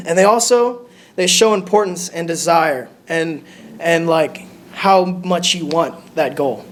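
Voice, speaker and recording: In a church sanctuary, a young lay preacher with a high voice gives his congregation a short lesson. He's nervous and halting, often breaking off to restart a sentence, and a faint hum of noise sits behind him.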